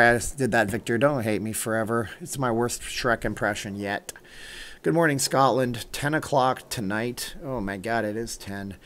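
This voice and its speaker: A man's voice: mid-range voice, normal speed, fairly bright tone. A middle-aged man hosting a casual livestream, chatting loosely, answering viewer comments, thanking supporters by name and drifting into an earnest pep talk. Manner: rambling, chatty, reads out viewer names and answers chat. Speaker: livestream host.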